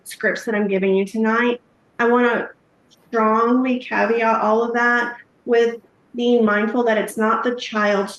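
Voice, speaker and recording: A woman giving a live training talk on trauma-informed care, conversational, with frequent fillers and acted-out sample questions. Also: on the high side. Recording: echoey room.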